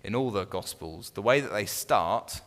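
A man's voice: on the low side, animated, normal speed, a bit bright. Man teaching a Bible study group in a reverberant room. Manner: conversational, with frequent restarts and questions to the group. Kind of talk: informal teaching to a small group.

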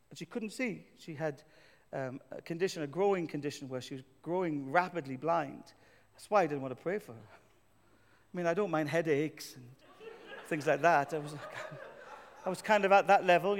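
High-voiced pastor preaching in reverberant hall. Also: male voice. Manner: self-deprecating, storytelling, builds to emphatic declarations. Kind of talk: sermon with personal story. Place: church.

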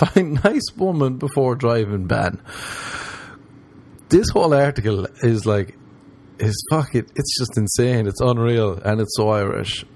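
A man's voice: fairly low pitch, a little mellow. A young man hosting a podcast, a stand-up comedian rambling through a profane, jokey monologue. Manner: rambling, profane, jokey, with swings into mock voices.

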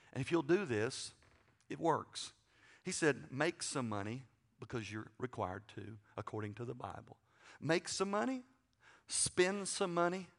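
A middle-aged man preaching a sermon, folksy and joking, swinging from loud to quiet asides. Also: medium pitch. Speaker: pastor.

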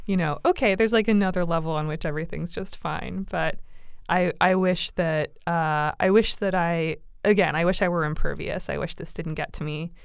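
A woman casually telling a personal story in conversation, animated and laughing often, with lots of fillers. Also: lowish voice, normal speed, gravelly, clear, resonant tone, no room sound, studio quality.

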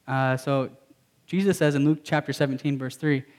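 A man's voice: medium pitch, fairly even intonation, normal speed, a little mellow. A man preaching a sermon as a pastor, emphatic and repetitive, mixing in casual slang.

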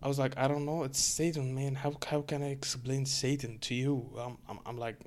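A man's voice: medium pitch, little pitch movement, a little fast. Egyptian man ranting casually. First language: Arabic. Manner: rambling, frequent fillers, swears, exasperated. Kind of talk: casual storytelling rant.

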